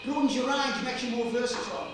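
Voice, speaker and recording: An actor playing a modest, earnest working-class comic actor in a stage play. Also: male voice, extremely high pitch, quick pace. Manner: earnest, plain-spoken, slightly sheepish. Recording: roomy theatre sound from far off, music.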